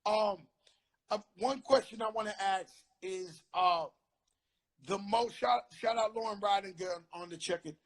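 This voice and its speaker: A man with a New York accent hosting a casual live-stream chat, telling street stories in an animated way, swearing a lot and acting out the lines he quotes. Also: high voice, unhurried. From the Bronx, New York. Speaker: host. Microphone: phone on a live video stream.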